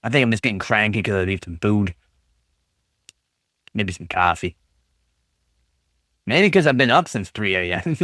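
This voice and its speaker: A man with a medium-pitched, fairly bright voice chats on a live stream, reading messages aloud, reacting, and teasing viewers in jest. It's a studio-quality recording with no room sound.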